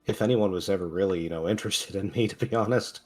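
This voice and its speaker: Soren, played by a man: low-voiced, sorry-sounding, halting, faint music under him. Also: darkish tone. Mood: apologetic. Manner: halting, apologetic, says "aye" and "ain't". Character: earnest, apologetic man Soren.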